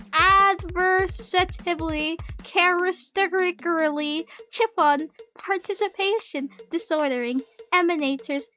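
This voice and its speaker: Young woman streamer, high voice, slow deliberate word-by-word reading, faint music underneath. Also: a bit bright. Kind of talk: reading words aloud in a memory game.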